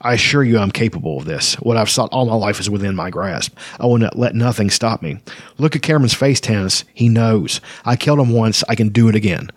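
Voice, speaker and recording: Man voicing a gentle, cold, frail mage, low-key storybook reading, dry close sound. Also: a little fast, no room sound. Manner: gentle, calm. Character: frail, cold, power-hungry young male mage.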